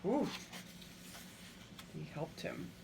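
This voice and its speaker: A woman's voice: very slow, dark tone, a little hiss or hum. A woman reading a children's picture book aloud, stopping often to ask the listener questions. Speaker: storybook reader.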